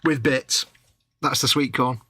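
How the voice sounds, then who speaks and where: A man's voice: medium pitch, steady tone, a little slow, heavy background noise. A man co-hosting a casual live stream, joking and teasing while he paints models.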